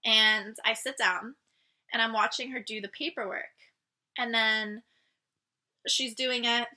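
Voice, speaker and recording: A woman vlogger telling a personal story to her viewers in a casual, animated way, acting out the dialogue. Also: fairly high pitch, measured pace. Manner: animated, acts out quoted dialogue.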